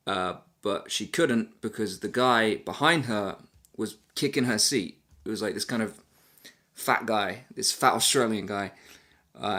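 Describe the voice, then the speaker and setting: A man's voice: lowish voice, fairly bright tone. A man telling a travel story casually to camera. He rambles and pokes fun at himself, with lots of fillers. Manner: rambling, self-deprecating, many fillers. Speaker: travel vlogger.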